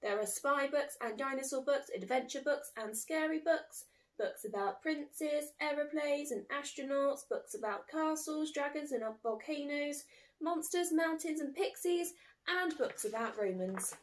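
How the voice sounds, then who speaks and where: A woman reading a children's storybook, voicing a calm older brother who patiently explains things to his little sister. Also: high voice, a little slow, pitched above the performer's own voice.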